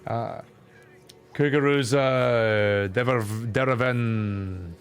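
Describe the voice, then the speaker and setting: A man's voice: medium pitch, slow pace, clean tone. A young man live-streaming a game, chatting casually with viewers in rambling, swearing rants.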